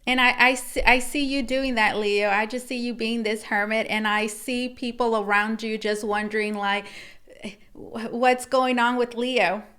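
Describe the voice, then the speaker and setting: A woman's voice: on the high side, steady tone, normal speed, hardly any pauses, pushed and bright, clear, resonant tone. Chatty woman giving a tarot reading. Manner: rambling and repetitive, addressing viewers as guys. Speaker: tarot reader. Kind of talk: casual tarot reading to camera.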